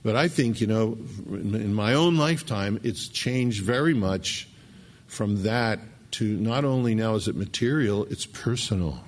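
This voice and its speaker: A man's voice: fairly low pitch, unhurried. A middle-aged man preaching a sermon, emphatic, repeating key words and restarting phrases. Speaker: pastor.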